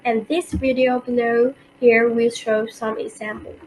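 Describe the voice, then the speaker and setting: A woman giving a class presentation, reading carefully and slowly with some non-native grammar slips. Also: fairly high pitch, level tone, darkish tone, a little hiss or hum, low-quality recording. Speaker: student presenter. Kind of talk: class presentation on word stress.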